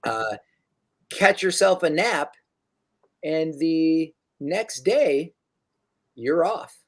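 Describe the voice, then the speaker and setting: A young man narrating as dungeon master in a relaxed, halting way with many fillers. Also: a little high. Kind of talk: narrating a tabletop game.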